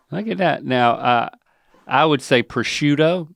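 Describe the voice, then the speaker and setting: A man's voice: medium pitch, slow pace, vocal fry, fairly bright tone, dry recording, clean studio sound. A man hosting a casual chat in a playful, teasing, coaching manner. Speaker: podcast host, the son.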